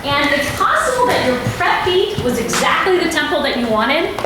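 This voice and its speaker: A woman's voice: sits high, normal speed. A woman coaching a student conductor at a band rehearsal, asking him questions and explaining to the group. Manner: lively, asks the conductor questions. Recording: echoey room with clear background noise.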